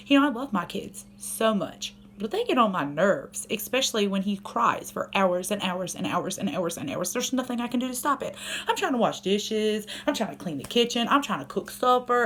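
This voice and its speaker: A woman's voice: medium pitch, fairly bright tone, slight background noise. A young woman, a mother, talking casually to her camera at home, candid and rambling with many fillers.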